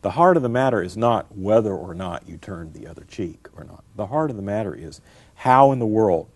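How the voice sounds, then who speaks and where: A man's voice: fairly low pitch, lively intonation, fairly quick, a little mellow, no echo. A middle-aged man, a scholar answering interview questions in an emphatic, lecturing way, repeating his key phrases. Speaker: guest scholar.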